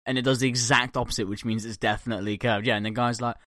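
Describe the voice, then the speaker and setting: A man, co-hosting a podcast and telling animated, blunt anecdotes with plenty of swearing. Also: mid-range voice, racing, no room sound, clean studio sound. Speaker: podcast co-host. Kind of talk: casual chat.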